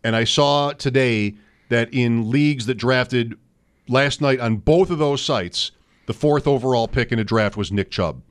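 A man's voice: mid-range voice, measured pace, clean tone. A man co-hosting a casual fantasy football chat, thinking aloud and rattling off player names. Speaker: co-host.

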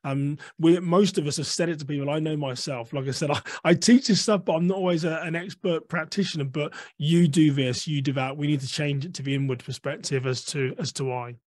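A man being interviewed as an author, explaining calmly and acting out short example phrases along the way. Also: on the high side, fast, hardly any pauses, no room sound. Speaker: author and guest.

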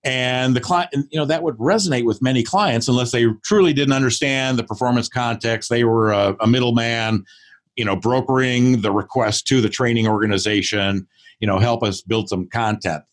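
A man's voice: medium pitch, brisk. A man in his sixties, a guest on a podcast, who talks thoughtfully and often acts out remembered conversations. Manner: thoughtful, acts out quoted dialogue. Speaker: podcast guest, performance consultant. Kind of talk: casual interview talk.

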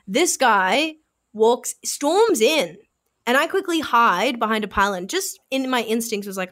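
A woman's voice: fairly high pitch, normal speed. Young woman telling a story. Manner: animated, says "like" a lot, drops to a hushed voice for quotes. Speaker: podcast co-host. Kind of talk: casual storytelling chat.

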